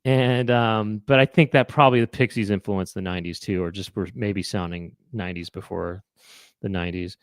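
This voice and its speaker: A man's voice: lowish voice, fairly even intonation, a little fast, no room sound, clean studio sound. Rambling male chat-show host. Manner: rambling, musing aloud with many fillers and restarts. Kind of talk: casual chat with live viewers.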